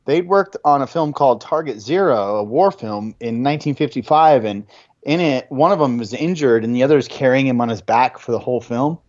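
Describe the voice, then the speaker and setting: A man's voice: medium pitch, fairly quick, a little mellow, no echo. Man telling film anecdotes, dull audio. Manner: anecdotal, many restarts and fillers. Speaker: podcast host. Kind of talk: casual film chat.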